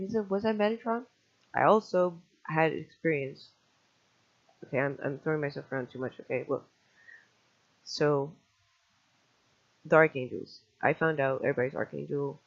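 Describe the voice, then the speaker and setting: A man telling a personal testimony in a fast, scattered way, restarting often and swearing casually. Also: on the high side, creaky. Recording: dull lo-fi recording.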